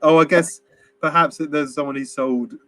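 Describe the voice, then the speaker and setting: A man's voice: fairly high pitch, steady tone, moderate pace, a bit bright, no room sound. A man co-hosting a casual film review chat, rambling and laughing as he acts out quotes. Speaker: podcast co-host.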